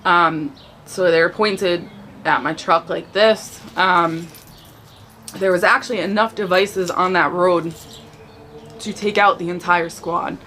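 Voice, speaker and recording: A woman's voice: fairly low pitch, steady tone, takes it slowly, sharp tone, slight background noise. A woman who served in the army, giving an earnest, conversational personal testimony full of fillers and restarts.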